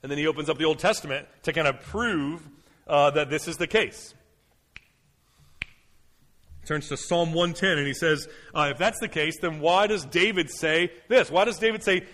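A man's voice: on the high side, brisk, pushed and bright, long reverb tail. A male pastor preaching a sermon in a loose, conversational way, full of fillers and restarts, building to emphatic delivery.

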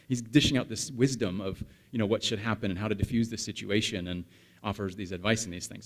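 A man in his thirties, a pastor, giving a conversational sermon and telling a story while chatting with the congregation. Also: lowish voice.

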